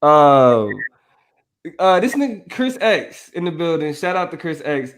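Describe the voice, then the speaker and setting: A man's voice: fairly high pitch, lively intonation, unhurried, background noise. A man co-hosting a casual podcast chat, laid-back and loose, laughing often. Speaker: podcast co-host.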